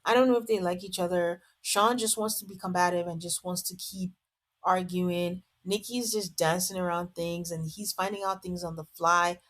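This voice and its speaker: A woman's voice: on the low side, steady tone, moderate pace. A woman hosting a podcast, giving a casual, amused recap full of "like". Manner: chatty, amused, lots of "like". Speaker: podcast host. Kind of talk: casual reality-show recap.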